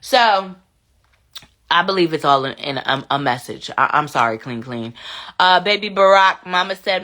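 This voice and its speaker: A woman's voice: low-pitched, normal speed, bright, forceful tone. A woman hosting a casual commentary show, reading viewer comments and repeating phrases to drive her points home. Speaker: commentary channel host.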